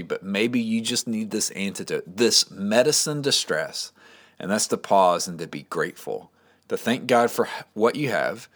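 A man's voice: fairly low pitch, fairly bright tone. A man as pastor, giving a short, upbeat and encouraging devotional message in a casual, conversational way.

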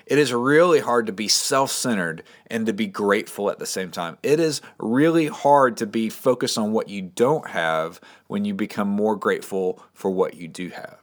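Low-voiced upbeat male pastor. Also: normal speed, few pauses. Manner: upbeat, encouraging, conversational. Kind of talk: short devotional podcast message.

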